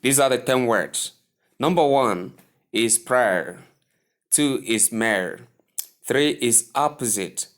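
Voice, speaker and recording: A man with a Nigerian English accent teaching English pronunciation, repeating each word slowly and deliberately. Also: mid-range voice, expressive, fairly bright tone. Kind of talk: slow instructional lesson.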